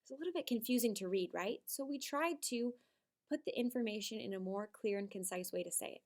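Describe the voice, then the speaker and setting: A woman teaching first graders a writing lesson, animated and sing-song, with dramatic emphasis. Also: fairly high pitch, fairly quick. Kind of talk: video writing lesson for young children.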